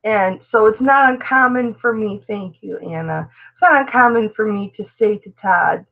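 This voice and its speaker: A woman's voice: medium pitch, moderate pace, creaky, few pauses, phone-quality sound. A middle-aged woman hosting a casual live stream, chatty and affectionate, answering viewers as she talks. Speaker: live-stream host, reseller.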